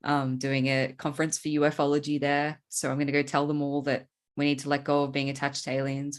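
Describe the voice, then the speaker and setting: An Australian woman speaks as a guest in a loose, friendly interview, her voice very low for a woman. She is bubbly and unguarded, laughs easily and swears without a second thought. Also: monotone, brisk, few pauses. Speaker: guest, psychic channel. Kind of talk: casual interview chat.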